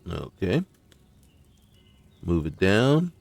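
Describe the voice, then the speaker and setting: A low, gravelly man voice talking through a game session at a slow, unhurried pace. He muses aloud to himself and bursts out in frustration at mistakes, with faint music underneath. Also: sing-song, a little mellow. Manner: talks to himself, exclaims in frustration. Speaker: gaming channel host. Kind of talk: casual gameplay commentary.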